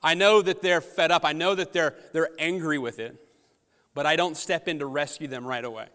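Speaking into a handheld or headset mic, a pastor with a slightly high voice for a man delivers a sermon at normal speed. His smooth, bright, pushed delivery moves from relaxed, conversational storytelling into strong, emphatic rises, and a long reverb from a large church hall surrounds him.

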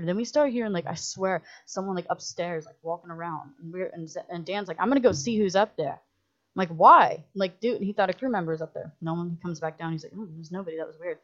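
A woman who directs films, telling a story as a podcast guest in an animated, profane way, full of "like" and acting out what others said. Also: on the low side. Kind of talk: casual storytelling in a podcast chat. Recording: muffled lo-fi audio.

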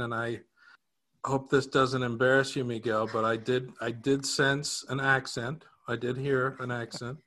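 A man with a bright, forward voice tells a personal story in a relaxed, conversational way. He is self-deprecating, chuckles now and then, and often restarts his sentences. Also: medium pitch, unhurried. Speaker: co-host. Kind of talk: casual anecdotal storytelling.

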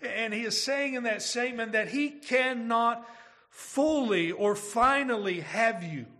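Guy preaching a sermon, kinda high voice, asks the congregation lots of questions. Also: sharp tone. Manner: earnest preaching with rhetorical questions. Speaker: pastor.

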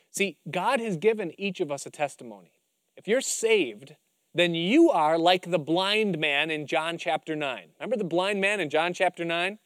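A male pastor preaching with animated storytelling, acting out scenes as he goes. His voice sits fairly high. The sound is dry and close, with no room around it. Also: dry recording. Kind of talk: sermon.

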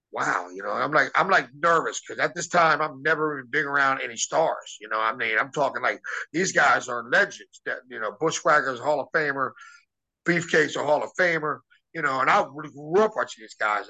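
A man's voice: a little high, pushed and bright, rough recording. A middle-aged man, a former wrestler, telling a story casually and animatedly, acting out quotes with lots of restarts and fillers.

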